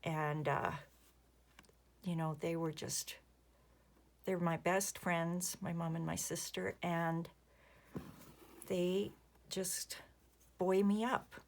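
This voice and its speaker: A woman in her fifties chatting casually while she crafts, rambling softly and muttering asides to herself. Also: lowish voice, steady tone, takes it slowly, pauses often. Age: 50s. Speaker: crafting vlogger.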